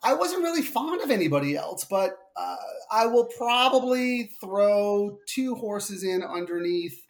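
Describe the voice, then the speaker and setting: A man's voice: high voice, a little slow, vocal fry. A man with a Long Island New York accent, a horse racing handicapper giving casual, rambling analysis. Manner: relaxed, rambling with restarts.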